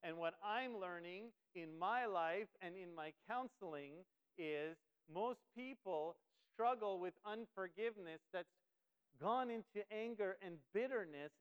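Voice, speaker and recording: A pastor preaching a sermon, emphatic and lively, who acts out quotes from daily life. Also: male voice, high-pitched, smooth, dull audio.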